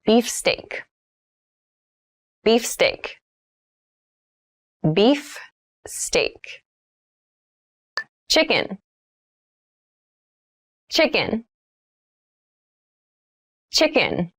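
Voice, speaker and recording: Very slow woman teaching vocabulary. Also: a little high, big pitch swings, slightly rough. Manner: repeats each word and example sentence three times, explaining plainly. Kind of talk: slow, clear vocabulary lesson with repeated words.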